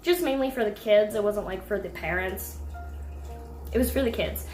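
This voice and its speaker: A young woman telling a pet rescue story to camera in a casual, animated way, breaking into indignant outbursts. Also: medium pitch, moderate pace. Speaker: pet vlogger. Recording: echoey room with faint music.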